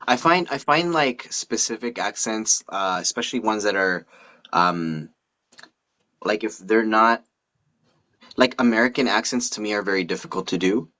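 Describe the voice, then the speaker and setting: Man, guest, low voice, hesitant, dull lo-fi sound. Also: lively intonation, normal speed, sharp tone. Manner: hesitant, many fillers. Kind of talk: casual live chat.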